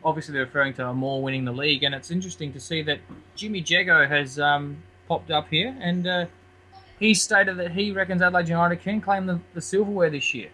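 A very bright, slightly high Australian man in a casual sports chat. He argues a point, circling back with restarts before getting it out. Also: a little fast, poor audio. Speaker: podcast co-host.

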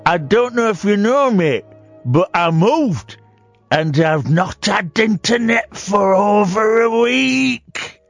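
A chatty Yorkshire bloke, put on by a man on the radio, teasing a caller with a high, bouncing voice that swings all over. He talks slowly and deliberately, close to the mic in a dead-dry room. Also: expressive, creaky, dry recording, soft background music, heavily acted. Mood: teasing banter. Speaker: radio host.

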